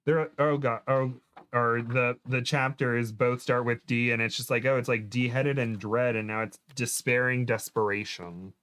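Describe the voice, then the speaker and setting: A man's voice: mid-range voice, steady tone, measured pace, fairly bright tone, smooth. Playful man reading and joking. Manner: playful, jokey asides. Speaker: guest reading a novel aloud. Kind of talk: reading aloud with casual commentary.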